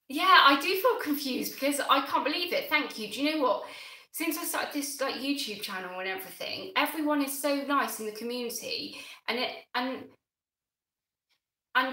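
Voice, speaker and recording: A flustered woman chats on a gardening live stream, bright and fairly high, her words tumbling with excited restarts. The roomy recording carries a clear echo around her voice. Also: normal speed. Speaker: gardening channel host.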